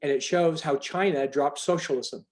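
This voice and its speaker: A man's voice: a little high, normal speed. A man leading a group video call, talking in a rambling, emphatic way with many restarts. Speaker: call organizer.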